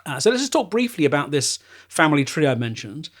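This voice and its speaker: A man's voice: fairly high pitch, very animated, quick pace, a bit bright. A British man hosting a podcast, explaining in a casual, informative way with many fillers. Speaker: podcast host.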